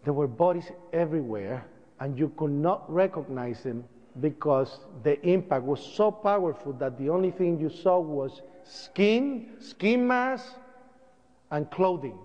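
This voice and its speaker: High-voiced man telling a harrowing story. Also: expressive, measured pace, darkish tone. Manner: dramatic storytelling, voice climbing and cracking at the worst moments. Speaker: speaker giving a presentation. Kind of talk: emotional first-person testimony to an audience. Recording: dull broadcast audio with long hall reverb.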